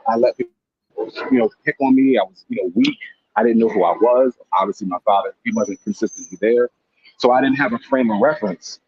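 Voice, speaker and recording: A man with a low, husky voice talks through his point in earnest, circling back and repeating words. The audio is dull and lo-fi, with a dry, close sound and no room echo. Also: a little fast, a little mellow. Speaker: guest speaker on a live stream panel. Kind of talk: casual discussion.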